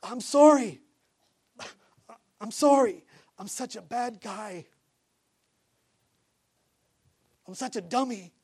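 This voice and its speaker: A man's voice: very high-pitched, measured pace, a little mellow, husky, pitched above the performer's own voice, exaggerated voice. A man voicing a frightened teenage boy who pleads and whimpers. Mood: pleading. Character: scared rebellious teenage boy, trembling.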